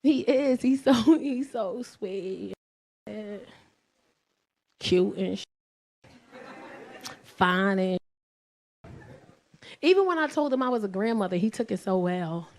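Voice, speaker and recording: A brash woman in her forties with a New York accent, telling a profane stand-up set with loud bursts. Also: medium pitch, expressive, slow, long pauses. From South Bronx, New York. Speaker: stand-up comedian.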